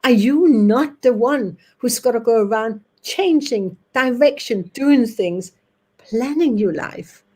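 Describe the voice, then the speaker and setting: A woman's voice: a little high, lively intonation, slow pace, a little mellow, breathy edge. A woman who is a physical medium, telling emphatic, forthright anecdotes in a spiritualist talk.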